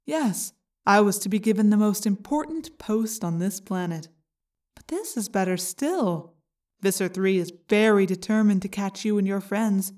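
Woman doing a smug alien slug guy, slow and taunting, kinda hushed, audiobook. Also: medium pitch, distant mic, natural voice. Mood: gloating. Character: gloating male alien slug parasite, cold and mocking. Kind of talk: audiobook character reading.

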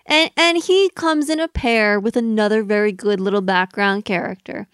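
A woman's voice: mid-range voice, normal speed, a bit bright, clear, resonant tone, no echo, studio quality. A woman co-hosting a podcast in casual chat, talking freely with lots of little fillers. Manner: chatty, many fillers, laughs along. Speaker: podcast co-host.

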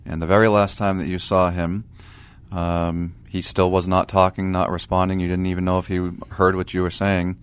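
A young man co-hosting a radio talk show, speaking in a measured way with frequent pauses and fillers. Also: deep voice, little pitch movement, smooth. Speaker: radio co-host.

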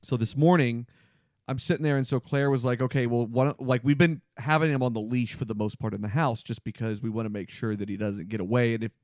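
Animated man telling a story, dry mic. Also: mid-range voice, fast talker, no echo. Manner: animated storyteller, says "dude". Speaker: podcast producer. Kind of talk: casual chat.

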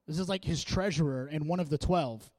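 Fervent, higher-voiced male pastor preaching. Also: brisk, dry recording. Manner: casual, joking and energetic, with frequent laughs; fervent and urging. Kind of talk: sermon.

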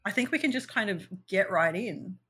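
Young woman, podcast co-host, husky breathy voice, sarcastic laughing recap, casual chat. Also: mid-range voice, expressive, moderate pace, fairly bright tone.

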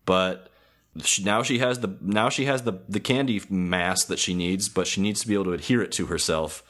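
A man with a very deep voice recaps a cartoon episode on a podcast. He rambles a little, stops on ums and fixes his own words mid-sentence. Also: normal speed, a bit bright. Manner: rambling, hesitant, with frequent ums and self-corrections. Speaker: podcast co-host.

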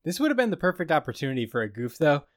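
A man's voice: on the high side, sing-song, racing, no echo. Podcast co-host, man, raised voice, dry close sound, loose storyteller. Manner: rambling storyteller, acting out scenes. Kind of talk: casual comedic recap.

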